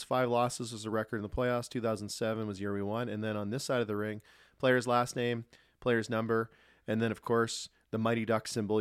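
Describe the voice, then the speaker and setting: A former pro hockey player, a man, telling relaxed, rambling stories as a podcast guest. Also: lowish voice, clear, resonant tone, dry recording, studio quality. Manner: relaxed, anecdotal, lots of restarts. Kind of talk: casual storytelling.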